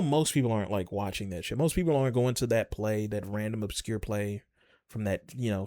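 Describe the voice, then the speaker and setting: A man's voice: medium pitch, darkish tone, no echo, clean studio sound. A man co-hosting a podcast, talking in a rambling, casual way with lots of fillers and swearing. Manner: rambling, profane, filler-heavy. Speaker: podcast co-host. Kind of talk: casual chat.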